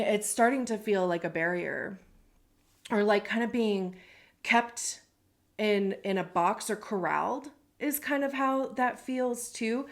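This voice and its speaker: A woman giving a casual tarot reading to camera, talking in a reflective way, often pausing to search for words. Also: medium pitch. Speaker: tarot reader.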